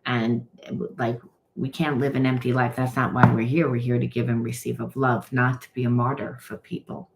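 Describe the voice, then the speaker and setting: A woman's voice: a bass voice, little pitch movement, normal speed, creaky, a little hiss or hum, poor audio. A middle-aged woman talks her way through a tarot reading in a loose, casual flow. She is blunt and frank, piles up fillers and restarts, and swears now and then as she explains. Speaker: tarot reader and trauma coach.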